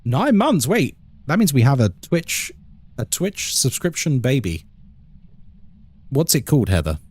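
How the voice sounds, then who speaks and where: A young man live-streaming a horror game, talking casually to his viewers. His voice swings up and down with animated intonation as he cracks playful jokes. The tone stays friendly and chatty throughout. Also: mid-range voice, measured pace, slightly rough. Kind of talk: casual chat with chat while gaming.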